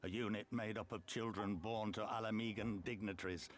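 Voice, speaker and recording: An actor with a Scottish accent playing a bitter, grieving middle-aged rebel leader in a video game, with a gravelly voice and a mournful, weary delivery. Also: male voice, lowish voice, fairly even intonation, brisk, natural voice. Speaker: game cutscene character.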